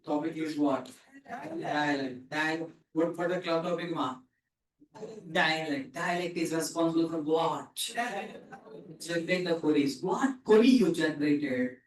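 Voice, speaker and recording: A man's voice: fairly high pitch, measured pace, distant mic. A man teaching programming to a class, repeating questions and having students answer back. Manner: repetitive, quizzing students with short questions. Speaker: programming instructor. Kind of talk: classroom lecture with call-and-response. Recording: echoey room, speaker off-mic.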